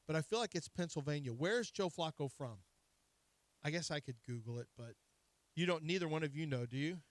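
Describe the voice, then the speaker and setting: A man's voice: a little high, fairly bright tone, no room sound. A man hosting a sports radio show, joking and teasing himself in casual studio banter. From Kansas, raised in Texas. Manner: joking, self-deprecating, laughs at himself. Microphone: studio microphone.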